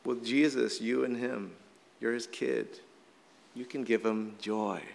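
A middle-aged man, a little hoarse from shouting, preaching a casual, conversational sermon full of "like" fillers. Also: mid-range voice, fairly even intonation, takes it slowly, slight background noise. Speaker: pastor. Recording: long hall reverb.

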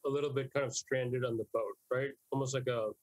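A man's voice: mid-range voice, fairly even intonation, no echo, poor audio. A man trading jokes in casual comedy podcast banter, teasing his co-host and chasing punchlines. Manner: teasing, chases punchlines with quick jabs.

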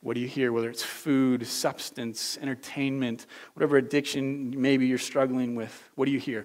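A man's voice: medium pitch, level tone, normal speed, hardly any pauses. Earnest male pastor preaching. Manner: earnest, conversational preaching with rhetorical questions. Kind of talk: sermon.

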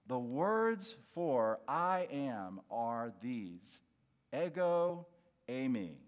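A man preaching with a lively, swooping delivery, leaning hard on his key phrases. He takes his time, speaking slowly and deliberately. His voice rings out in a church hall with a long reverb tail. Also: a little high. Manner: emphatic, slows and rises on key phrases. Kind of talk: sermon.

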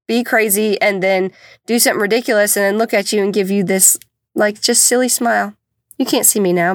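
A woman's voice: medium pitch, no room sound. A woman, casually telling stories about her kids, chatty and exasperated, with self-deprecating humor. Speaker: podcast host and mother of four. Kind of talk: casual storytelling monologue.

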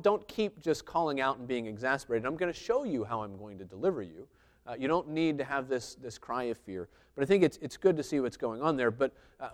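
A man with a mid-range voice gives a conversational sermon, working through a Bible passage and thinking aloud with lots of filler sounds.

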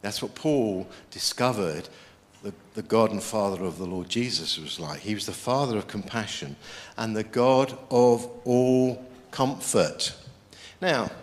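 A man preaching a sermon, lively and emphatic, quoting scripture as he goes. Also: fairly low pitch. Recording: long hall reverb.

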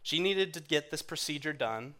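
A man preaching in a church, earnest and conversational, going quiet and soft when he quotes others. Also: a little high, animated, moderate pace. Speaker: guest speaker in church. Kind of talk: sermon.

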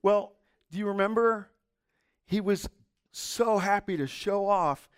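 A middle-aged man preaching a sermon, telling stories expressively and dropping into soft asides. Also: high voice, slow, pauses often, clear, resonant tone. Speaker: pastor.

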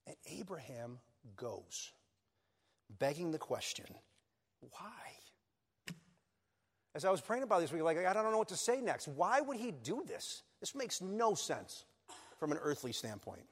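A man's voice: on the high side, very animated, moderate pace, husky. A man preaching a sermon as pastor, earnest and building to emphatic peaks. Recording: long reverb of a church hall.

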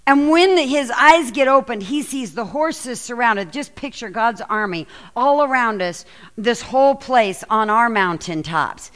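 A woman pastor preaching a sermon and reading scripture aloud, telling the story with lively, acted-out quotes. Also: fairly high pitch, measured pace, smooth. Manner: animated storytelling, acts out quoted lines.

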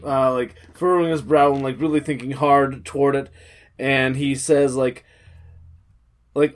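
A man playing a tabletop role-playing game, talking haltingly with many fillers. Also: medium pitch, little pitch movement. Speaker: player.

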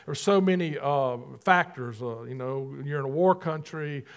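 A middle-aged man preaching a sermon as a guest pastor, acting out dialogue with God in an animated way. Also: on the high side, moderate pace, clear, resonant tone.

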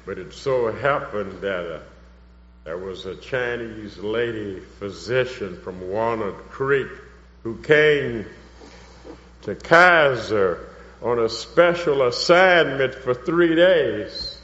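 In a church hall, a man preaches a sermon that includes personal testimony, building fervently toward emphatic cries. His mid-range voice is animated, slow, and fairly bright. The recording is dull and reverberant, typical of a hall.

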